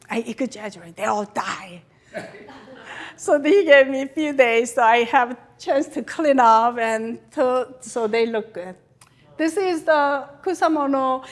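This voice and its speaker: A woman from Korea with a Korean accent and a native Korean speaker, giving a chatty, animated guest lecture to a club, in English with non-native grammar. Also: sits high. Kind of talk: lecture with slides.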